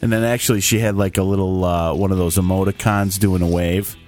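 A man's voice: low voice, steady tone, brisk, a little mellow, soft background music. A man co-hosting a podcast, reading listener comments in casual chat, laughing and swearing freely. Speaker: podcast co-host.

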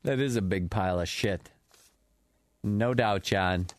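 A man's voice: fairly low pitch, a little slow, dry recording. A man co-hosting a casual talk show, teasing and wisecracking. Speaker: co-host. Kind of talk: casual banter.

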